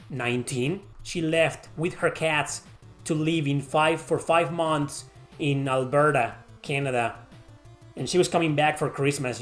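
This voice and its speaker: A man's voice: fairly high pitch, a bit bright. Rambling, cussing male streamer. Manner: rambling, swears freely. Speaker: streamer answering chat. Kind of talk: casual livestream Q&A.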